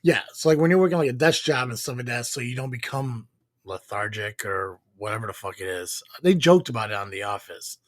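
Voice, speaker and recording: Brief: male podcast co-host, mid-pitch, loose and profane, dry close sound. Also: expressive, fairly quick, dry recording. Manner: rambling, profane, many fillers. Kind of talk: casual live podcast chat.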